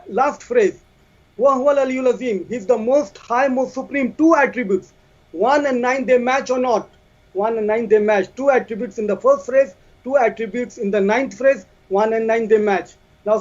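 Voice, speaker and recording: A man with a strikingly high voice argues his case in a debate. He counts his points off one by one and repeats them like a drill. The recording sounds dull and lo-fi. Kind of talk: debate argument.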